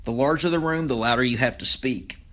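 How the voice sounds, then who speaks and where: A man delivering a podcast lecture on speech delivery, in an explanatory teaching tone. His voice sits at an ordinary middle pitch, and he stops now and then on small fillers as he explains each point. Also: fairly quick, a bit bright. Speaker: speech communication instructor.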